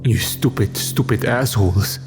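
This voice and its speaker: A man's voice: lowish voice, a little slow, over music, close to an everyday voice. Fierce woman soldier w/ heavy accent, barking orders, man putting her on. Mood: furious. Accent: thick foreign accent. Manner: sharp, scolding. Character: furious sharp woman soldier in charge.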